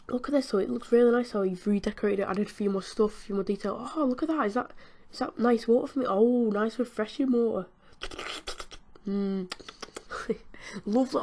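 A woman's voice: fairly high pitch, normal speed, pauses often, mellow. Giggly British woman chatting over gameplay. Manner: chatty and giggly, talks to game characters. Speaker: gaming channel host. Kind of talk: casual gameplay commentary.

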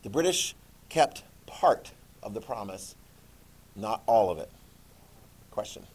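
Lively man lecturing a class. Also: fairly low pitch, slow, breathy edge. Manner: lively, keeps checking in with "okay?" and questions. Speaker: teacher.

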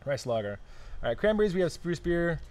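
A man's voice: on the high side, sing-song, a little fast, darkish tone, a little hiss or hum. A man co-hosting a casual live-stream chat, musing aloud and often trailing off and restarting. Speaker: podcast co-host.

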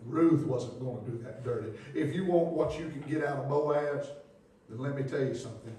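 Man, pastor, preaching, rising to loud fervor, folksy talk, echoey church hall, mic far away, faint hiss. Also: moderate pace. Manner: builds from low reading to loud fervent preaching. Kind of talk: sermon. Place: church sanctuary.

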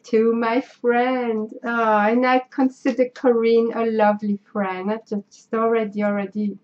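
Slow, gushing French-accented woman. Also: a little high, little pitch movement, a little mellow, muffled recording. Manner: effusive, sentimental, gushing thanks. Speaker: craft vlogger. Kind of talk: casual unboxing chat.

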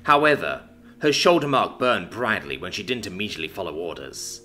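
Male narrator, expressive dramatic reading; low-set, lively pitch with a bright edge. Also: a little fast. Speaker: story narrator. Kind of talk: scripted narration.

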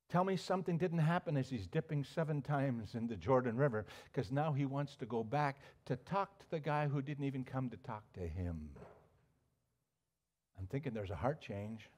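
A male pastor preaching a sermon, telling a story with animated emphasis and frequent restarts. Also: mid-range voice, normal speed.

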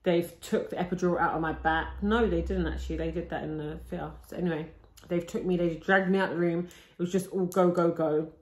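A woman's voice: lowish voice, steady tone, a little fast. A young woman telling her labour story to her camera in a chatty, breathless way, full of likes and restarts. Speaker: vlogger. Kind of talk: casual storytime. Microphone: camera she films herself with. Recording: roomy echo.

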